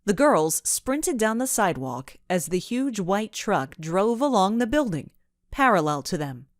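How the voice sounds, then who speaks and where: A woman narrating a children's storybook in an expressive, measured way. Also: medium pitch, dry recording, studio quality. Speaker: audiobook narrator.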